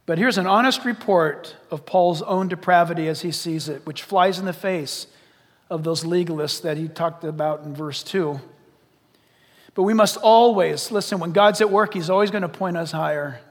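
A man with a very high-pitched voice preaches a sermon, emphatic and full of rhetorical questions. He keeps calling the congregation to listen. A long reverb trails his words through a large church hall. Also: normal speed. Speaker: pastor.

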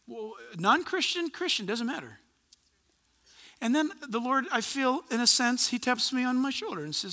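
A male pastor delivers his sermon with lively, story-driven energy, acting out little conversations as he goes. His voice sits very high and rings sharp and bright. The sound carries a long reverberant trail from a large hall. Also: normal speed. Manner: animated storytelling, acts out conversations.

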